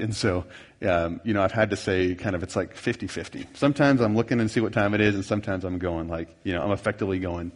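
A man's voice: sits low, fast talker. A middle-aged man teaching a marriage workshop in a folksy, rambling way, with many fillers and self-deprecating asides. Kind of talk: conversational seminar teaching. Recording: reverberant hall.

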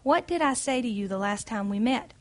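A woman's voice: on the high side, animated, a little fast, lightly acted. A woman voicing a kindly male shepherd who speaks cheerfully and reassuringly as she reads his lines from a book.

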